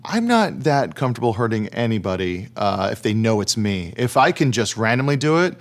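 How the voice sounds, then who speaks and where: A man's voice: fairly low pitch, a little fast. A man chatting goofily as a guest player in a card game. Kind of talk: casual chat playing a card game.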